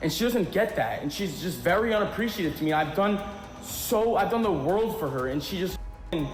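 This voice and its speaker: A man's voice: high voice, lively intonation, brisk. Fired-up swearing young man ranting. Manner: swearing heavily, repetitive and worked up. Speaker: streamer. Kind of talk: angry livestream rant. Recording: roomy clip with music underneath.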